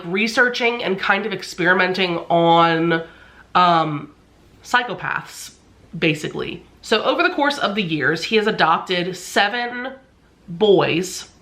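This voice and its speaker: A woman's voice: medium pitch, sharp tone. A congested woman chatting casually in a book vlog, full of fillers. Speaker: book vlogger.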